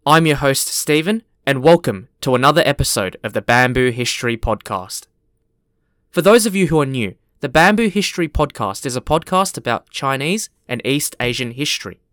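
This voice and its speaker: Friendly podcast host. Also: male voice, mid-range voice, expressive, moderate pace, a bit bright, no room sound, clean studio sound. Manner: friendly, spells out names. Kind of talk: history podcast narration.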